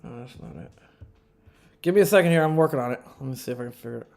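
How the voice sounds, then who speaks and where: A man's voice: mid-range voice, very fast, gravelly. A man hosting a casual live stream, rambling with sarcastic asides and frequent chuckles. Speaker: livestream host.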